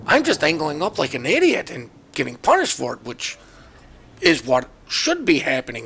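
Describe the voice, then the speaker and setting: A man's voice: fairly high pitch, huge pitch swings, moderate pace, creaky, pushed and bright, a little hiss or hum. A man giving casual, joking commentary over his own naval battle game footage, chatty and self-mocking. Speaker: gameplay commentator.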